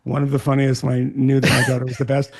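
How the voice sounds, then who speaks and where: Gravelly joking male podcast guest. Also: mid-range voice, monotone, quick pace. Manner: joking, anecdotal. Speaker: guest co-host. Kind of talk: casual chat.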